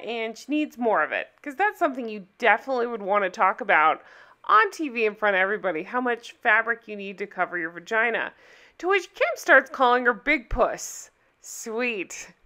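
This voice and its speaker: A woman's voice: on the high side, pushed and bright. A woman hosting a casual reaction video, sarcastic and laughing often as she comments into her microphone. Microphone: desk microphone.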